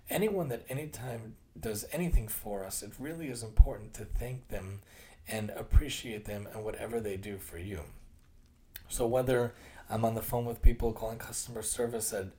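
A man's voice: lowish voice, warm tone. A man in his thirties giving a casual, earnest solo talk as a host and occupational therapist. He often repeats and rephrases his points. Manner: acts out quoted voices with shifts in tone.

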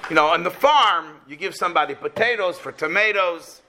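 Animated storytelling religious teacher, man. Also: high voice, brisk, a little hiss or hum. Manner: animated retelling, direct moral urging. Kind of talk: storytelling Torah lesson.

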